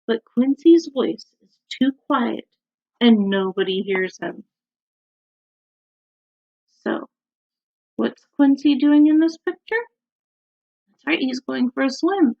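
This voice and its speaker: A woman's voice: high voice, vocal fry. A woman teacher reading a picture book aloud to young children at home, stopping to ask them questions. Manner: slow, animated, asks the children questions. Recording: dull lo-fi recording.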